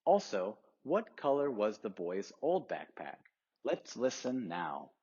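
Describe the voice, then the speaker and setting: A man's voice: on the low side, big pitch swings, slow, dark tone, husky. A man teaching English, guiding students step by step through a textbook listening exercise. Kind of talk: classroom instruction. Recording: dull lo-fi recording.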